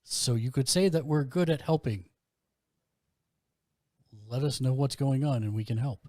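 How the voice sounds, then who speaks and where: A man's voice: mid-range voice, measured pace, mellow, no echo, natural voice. A man voicing an earnest male adventurer in a tabletop game, urging a mayor to accept help. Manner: earnest and persuasive.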